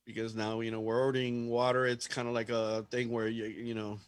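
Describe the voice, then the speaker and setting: A man's voice: medium pitch, level tone, fairly quick, smooth, no room sound. A man in a casual podcast chat, ranting and telling a story with lots of swearing and animation.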